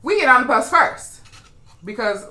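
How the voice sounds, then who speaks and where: A young adult woman co-hosting a podcast, telling a story in an animated, profane way, getting loud when she acts out quotes. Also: a little high, normal speed, echoey room. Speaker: podcast co-host. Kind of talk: casual storytelling chat.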